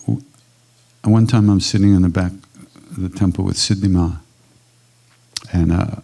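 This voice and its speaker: A man's voice: low-pitched, fairly even intonation, a little slow, creaky. An older man telling stories in a casual, conversational way during a live retreat Q&A. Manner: warm anecdotal storytelling, casual and conversational. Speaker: kirtan teacher answering questions. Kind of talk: storytelling talk at a retreat Q&A. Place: ashram hall at a live retreat.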